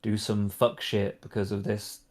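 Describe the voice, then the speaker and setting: A man co-hosting a casual podcast, retelling a plot in a rambling, animated way full of fillers. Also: on the low side, unhurried. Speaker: podcast co-host. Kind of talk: casual chat.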